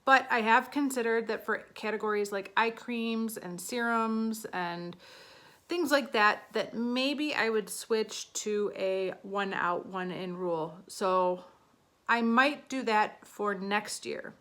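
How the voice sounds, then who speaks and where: A woman's voice: medium pitch, slow, fairly bright tone. A woman in her thirties talking casually to the camera as a beauty vlogger, chatty and a little flustered as she counts out her numbers.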